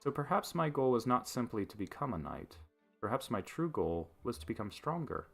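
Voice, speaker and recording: A man reading a soft-spoken young woman knight. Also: mid-range voice, sing-song, normal speed, vocal fry, faint music behind. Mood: earnest. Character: earnest young noblewoman knight, quiet and sincere.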